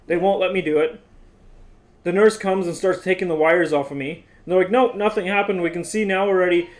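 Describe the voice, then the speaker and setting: Young man, high voice, animated exasperated storyteller, casual vlog chat. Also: a little fast. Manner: animated, exasperated retelling with many "like"s. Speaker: vlogger telling his story.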